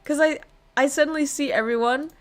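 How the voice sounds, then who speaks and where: She's a livestreamer with a high-pitched voice and a brisk pace, chatting casually with her audience while getting excited, laughing often and cursing freely.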